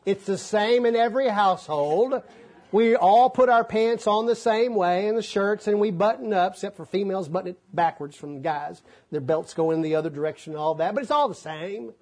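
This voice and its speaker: Man, husky voice, animated folksy sermon. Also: high voice, fairly quick. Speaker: preacher.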